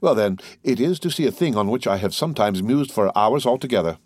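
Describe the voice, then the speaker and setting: Man voicing an urbane count, low and measured, dry sound. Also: expressive, darkish tone, dry recording. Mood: courteous. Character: urbane, composed middle-aged count, quietly commanding.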